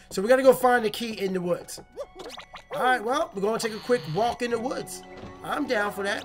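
A woman doing casual, jokey commentary while playing a video game, rambling and excitable. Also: on the high side, fairly quick, music in the background. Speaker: let's play host.

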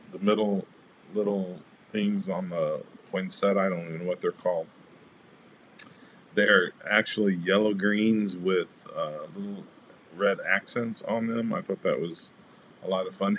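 A man's voice: sits low, a little slow, pauses often, a little hiss or hum. A man hosting a casual crafting livestream, chatting with viewers and greeting them by name as he shows his cards. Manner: relaxed, rambling with fillers.

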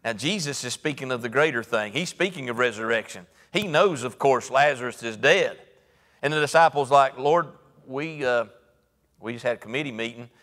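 A man with a Southern American accent preaching a sermon in folksy storytelling style, acting out Bible figures and moving between soft low asides and raised, emphatic preaching. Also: moderate pace, big-room sound. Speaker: pastor. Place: church sanctuary.

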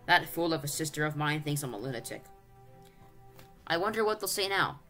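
Brief: reader doing a gloating old uncle in his sixties, pompous and greedy, pitched a bit higher, faint music under. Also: lively intonation, fairly quick, bright, forceful tone. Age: 60s. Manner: blustering, gloating, self-important. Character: excitable greedy old English uncle, male.

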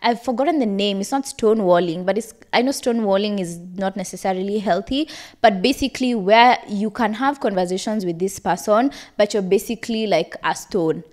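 A woman's voice: mid-range voice, brisk, a little mellow. A young woman hosting a podcast, giving candid, conversational advice with an emotional edge. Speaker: podcast host. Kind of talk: personal advice talk.

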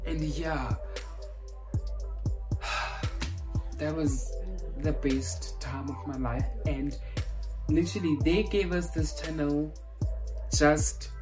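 A South African woman talks slowly in a low-pitched voice, gushing and piling up exclamations. It is a casual reaction vlog, with faint music behind her. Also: steady tone, poor audio. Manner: effusive, gushing, repeats exclamations. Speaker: vlogger reacting to a film.

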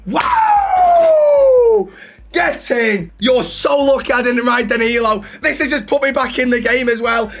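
A young man gaming on camera, boastful and loud, shouting and whooping as he trash-talks his opponent. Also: very high voice, normal speed, gravelly, few pauses. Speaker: gaming YouTuber. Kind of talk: excitable gaming banter.

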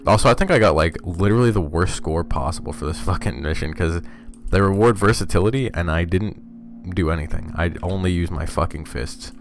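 A man's voice: sits low, fairly quick, faint music behind. A man streaming a video game, chatting casually with loose, profane, wry asides as he plays. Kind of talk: casual let's-play commentary.

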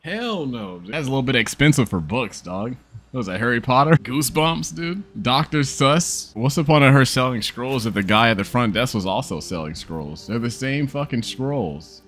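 A man's voice: medium pitch, expressive, normal speed, a bit bright. A tired young man commenting on his gameplay, joking, cursing and laughing often. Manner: profane, joking, laughs a lot. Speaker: gaming streamer.

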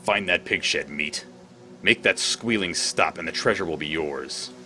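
A man reading the lines of a sly talking wolf from a horror video game, in a slow, low, conspiratorial voice. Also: bright, forceful tone, faint music behind, heavily acted. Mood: menacing.

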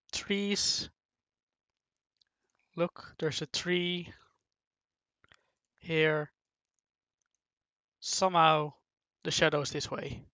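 A commentator who rambles playfully and haltingly through a casual talk while drawing, on a dull, dry lo-fi mic. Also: medium pitch, vocal fry, sharp tone, dry recording.

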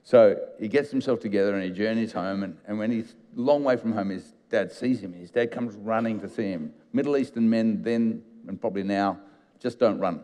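A man's voice: fairly low pitch, brisk, long reverb tail. A man, a pastor, preaching a sermon in a chatty storytelling way and acting out the scenes he retells. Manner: conversational storytelling, animated retelling. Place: church auditorium.

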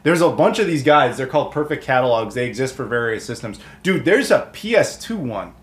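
A man's voice: mid-range voice, sing-song, fairly quick, echoey room. Chatty American man unboxing games. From United States. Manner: chatty and rambling, with many fillers. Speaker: video game collector YouTuber. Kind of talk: casual unboxing talk to camera.

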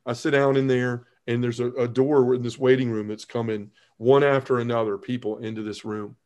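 An earnest man tells his personal testimony to a podcast host. He speaks at a middle pitch, stops and restarts his phrases, and lowers his voice at the heavy parts of the story. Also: little pitch movement, darkish tone. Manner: earnest storytelling, halting restarts, drops low when emotional. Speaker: podcast guest.

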